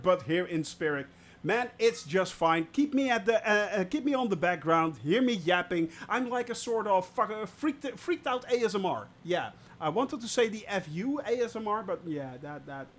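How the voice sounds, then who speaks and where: A man streaming a flight game live, loud and jokey, laughing at his own puns and greeting viewers by name. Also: sits high, animated, normal speed. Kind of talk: live gameplay commentary.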